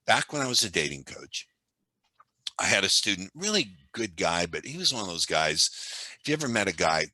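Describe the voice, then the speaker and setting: A man, a podcast guest who trains salespeople, telling stories in a lively, talkative way. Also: deep voice, fairly quick, no room sound, rough recording. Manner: animated, talkative storyteller. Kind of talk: conversational storytelling.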